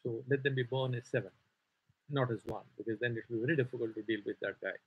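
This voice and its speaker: A man's voice: mid-range voice, fast talker, husky, narrow, tinny audio. A man with an Indian accent teaching a scripture class, explaining in a loose, digressive way full of "sort of" asides. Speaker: Vedanta teacher.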